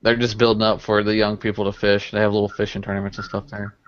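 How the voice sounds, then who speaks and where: A man co-hosting a casual fishing live stream, quick and eager. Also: fairly low pitch, completely flat delivery. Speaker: fishing channel host. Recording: muffled stream audio.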